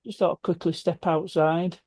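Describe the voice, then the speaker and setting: Man, joke-telling friend, fairly high voice, dry close sound, home desk. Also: level tone, normal speed, darkish tone, no room sound. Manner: chatty, storytelling, jokey. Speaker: guest friend on the stream. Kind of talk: casual chat and joke telling. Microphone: webcam or phone setup.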